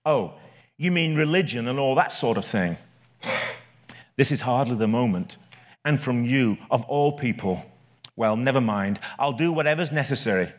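A man's voice: mid-range voice, animated, normal speed, natural voice. A man voicing the bitter, possessive ghost of a mother who speaks in a snappish, demanding way. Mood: curt.

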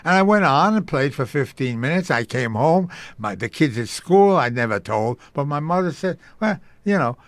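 A man's voice: fairly high pitch, lively intonation, normal speed, few pauses, no echo. An older man telling stories about his early radio career in an interview, acting out the voices of the people he quotes. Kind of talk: storytelling interview.

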